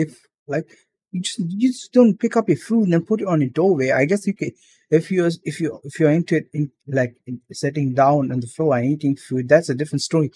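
A man's voice: fairly high pitch, a little fast, mellow, slightly rough. A young man ranting profanely and with exasperation while commenting on a reaction video.

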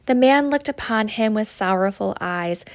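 A woman reading a rhyming picture book aloud for young children, in an expressive, sing-song way. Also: medium pitch, moderate pace, no echo. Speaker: storytime reader.

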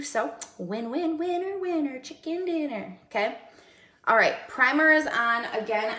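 A woman's voice: on the high side, a bit bright, echoey room. A woman hosting a casual makeup livestream, chatty and greeting viewers by name.

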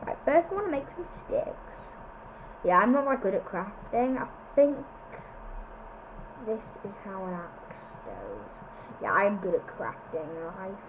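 A woman giving silly, goofy commentary over her own gameplay, chanting nonsense phrases and breaking into sudden shouts. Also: medium pitch, very animated, a little slow, background noise. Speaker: gameplay video maker.

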